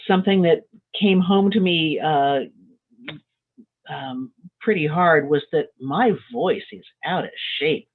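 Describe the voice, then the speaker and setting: A woman and dance caller talking casually on a panel over a video call, chatty, with her pitch swinging up and down. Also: slow pace. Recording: tinny phone-like line.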